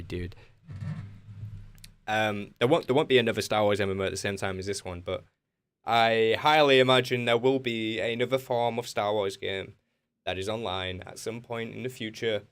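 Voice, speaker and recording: A man's voice: on the low side, steady tone, moderate pace, a bit bright, clean tone. A man with an English accent, a game streamer in casual chat with his viewers, joking and answering their questions. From England.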